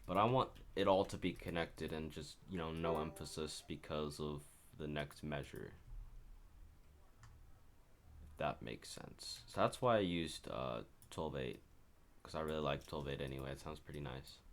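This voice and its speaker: Over slight background noise, a man with a bass voice speaks at normal speed. He's working on his own composition in a screen share, casually rambling about it and correcting himself along the way.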